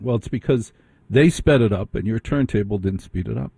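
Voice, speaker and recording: A man's voice: medium pitch, fairly quick, vocal fry, dark tone, husky, dry recording. A middle-aged man hosting an overnight radio show, chatting casually with wry, self-deprecating asides as he reads listener emails.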